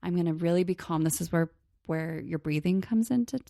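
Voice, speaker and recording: A woman therapist co-hosting a parenting podcast, calmly explaining a method and softly acting out gentle example phrases. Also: lowish voice, brisk, vocal fry, no echo, clean studio sound. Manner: calm, explanatory, slips into soft hushed example phrases. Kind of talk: casual teaching on a parenting podcast.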